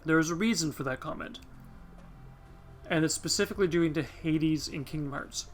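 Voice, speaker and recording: A let's play host, a man, talks through his game in a loose, chatty way, wandering into asides and swearing now and then. His voice sits a bit high for a man. Faint music plays behind him. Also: normal speed. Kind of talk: casual gameplay commentary.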